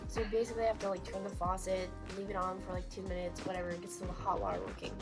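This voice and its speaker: A woman's voice: lowish voice, fast, loud music behind the voice. A young woman telling work stories as a guest in a blunt, sarcastic way with casual swearing. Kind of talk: casual storytelling.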